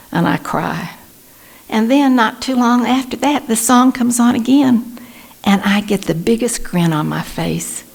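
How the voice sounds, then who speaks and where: A woman in her sixties from Texas with a Texan accent, sharing her recovery story at a support meeting in a lively storytelling manner, acting out the people she quotes. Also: on the low side, vocal fry, husky. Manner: warm storytelling, animated when quoting others. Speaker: Al-Anon speaker. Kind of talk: personal recovery talk. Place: meeting room.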